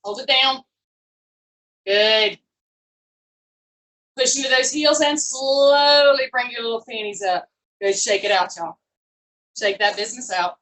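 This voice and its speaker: A cheerful woman coaches a pilates session, cueing moves in a chatty, folksy way. Her voice sits a little high and lifts on her praise. The sound is roomy, picked up from a distance across an echoing space. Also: a little slow, pauses often, sharp tone. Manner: upbeat, chatty, encouraging coaching with folksy phrases. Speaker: fitness instructor. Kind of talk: live online workout class cueing. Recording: echoey room, voice from far off.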